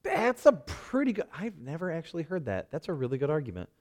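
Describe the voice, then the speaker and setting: Middle-aged male teacher, casual Bible class, animated and chatty, slightly raised pitch, stumbles and restarts. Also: fairly quick. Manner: animated, self-interrupting, laughs often, engages group.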